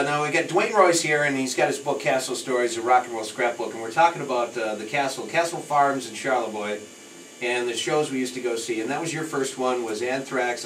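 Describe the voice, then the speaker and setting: A man hosting a radio show in casual on-air chat, lively and emphatic, laughing often. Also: medium pitch. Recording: echoey, distant, faint noise.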